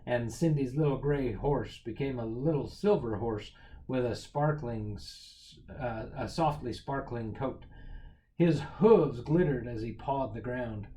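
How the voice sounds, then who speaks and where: Guy reading a kids picture book out loud, mellow warm tone, expressive. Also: mid-range voice, measured pace, rough recording. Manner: lively expressive storytelling. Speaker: storyteller.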